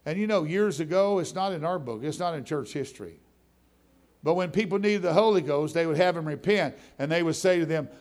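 Gravelly man preaching a testimony. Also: fairly high pitch, animated, moderate pace, darkish tone. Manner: conversational storytelling, voice rising into fervent preaching. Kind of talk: testimony sermon.

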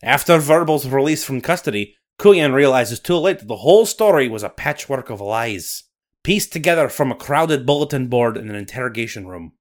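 For a comedy podcast bit, a man voices a sly male Loch Ness monster in a put-on Scottish accent. His medium-pitched, expressive voice, lightly acted and at normal speed, spins the tale in a dramatic, theatrical, rolled-up storytelling style.

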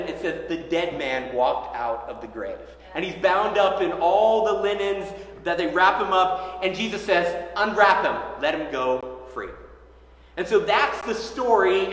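A man preaching a sermon, retelling the story in a lively, conversational way and acting out the characters' lines. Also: sits high. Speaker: pastor. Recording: echoey hall.

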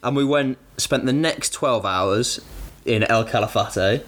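A young British man with an ordinary mid-pitched voice, chatting casually on a podcast. He is relaxed and laughs easily as he adds to a shared travel story. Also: unhurried. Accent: British English. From England. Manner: relaxed, laughs often, chimes in. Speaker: podcast co-host.

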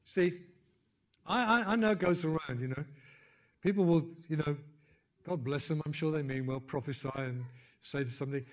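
An older man preaching a sermon, building to loud emphatic peaks and then dropping low, with conversational asides and gentle humor. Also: moderate pace, long pauses.

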